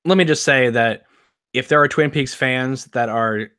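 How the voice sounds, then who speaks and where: A man's voice: medium pitch, unhurried, pushed and bright, smooth, no room sound. A man hosting a podcast in casual chat, hesitant with many ums and you-knows. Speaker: podcast host.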